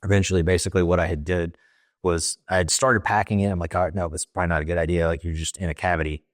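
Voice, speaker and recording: Ex-Marine guest, deep male voice, halting casual storytelling, dry close sound. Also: steady tone, dry recording. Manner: plain, halting retelling with many fillers and quoted dialogue.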